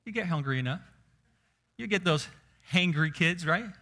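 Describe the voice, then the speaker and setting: A man preaching a sermon. He slows down on key words and keeps asking his listeners questions. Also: high-pitched, expressive, sharp tone. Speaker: pastor.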